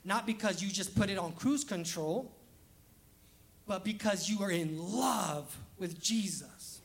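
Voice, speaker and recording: A man's voice: sits high, a little slow, gravelly. A man pastor preaching a conversational sermon to a congregation, acting out quoted voices and laughing at himself. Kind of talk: lively sermon. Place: church sanctuary.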